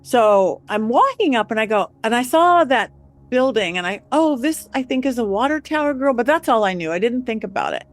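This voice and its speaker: Woman guest, bright storyteller who acts out the voices; pitch a touch high. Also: normal speed. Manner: acts out quotes with lively voices. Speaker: guest psychic medium. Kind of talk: animated storytelling.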